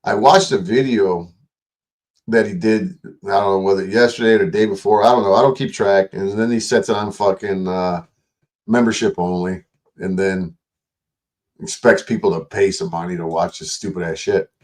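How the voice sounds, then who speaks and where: At normal speed and in a low-pitched voice, a late-night livestream host mocks another online creator in an aggressive, profanity-filled rant.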